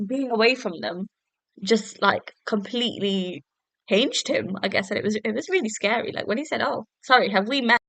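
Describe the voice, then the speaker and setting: Young woman host, bright tone, dry close sound, rambling casual recap. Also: mid-range voice, no room sound. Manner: chatty, with many fillers and self-corrections. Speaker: podcast host. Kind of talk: casual solo TV episode review. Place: at home.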